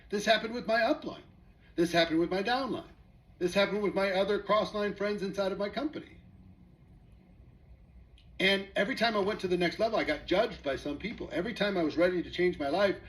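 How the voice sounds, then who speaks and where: With a high, slightly bright voice on poor audio, a man speaks to his audience as a network marketing presenter. In this motivational talk he tells a story and poses rhetorical questions.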